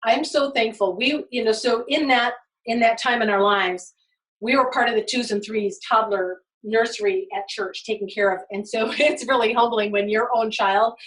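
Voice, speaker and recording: Animated middle-aged woman host, high voice. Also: moderate pace, recorded from a distance, poor audio. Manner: animated, laughs often, acts out quotes. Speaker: podcast host. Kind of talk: casual storytelling chat.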